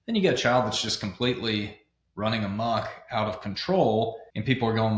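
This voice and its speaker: A blunt, opinionated man co-hosts a podcast and lays out his views plainly. His voice sits a little on the low side. The recording has a roomy echo around it. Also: a little fast. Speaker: podcast co-host. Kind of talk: conversational podcast discussion.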